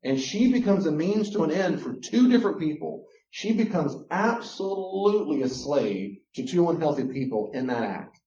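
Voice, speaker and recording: A man's voice: on the high side, animated, moderate pace, hardly any pauses, warm tone. Emphatic Southern man lecturing a class. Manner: emphatic, gets worked up. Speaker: Christian counselor teaching a class. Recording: roomy, dull lo-fi room recording.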